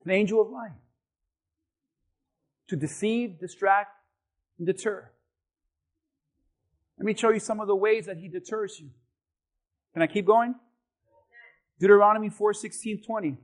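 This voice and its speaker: High-pitched male pastor preaching with shouted punches. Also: moderate pace, pauses often. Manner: preachy, rising to shouted emphasis. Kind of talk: sermon.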